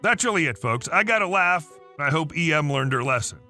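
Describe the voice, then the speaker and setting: A man narrating a story aloud in a lively, chatty way. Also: on the high side, brisk, faint music behind.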